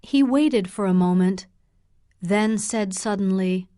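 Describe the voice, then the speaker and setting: A woman narrating a graded English learner audiobook in a slow, clear, measured way. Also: medium pitch, dark tone, no echo, studio quality.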